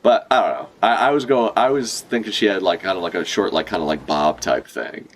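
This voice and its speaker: A young man giving excited, joking live reaction commentary, swearing freely and laughing a lot. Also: low-pitched, brisk, a little hiss or hum. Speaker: manga reaction streamer.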